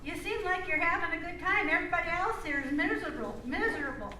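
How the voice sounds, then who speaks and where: A woman's voice: very high-pitched, expressive, fast, sharp tone, a little hiss or hum, full character voice. An older woman voicing an exasperated, baffled male devil in a joke told on stage. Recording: echoey hall from far off.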